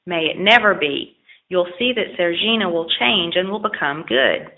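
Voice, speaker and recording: A woman voicing a kind, patient old male fisherman in a children's storybook, speaking gently and pleadingly. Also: fairly low pitch, expressive, moderate pace. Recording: lo-fi phone-like audio.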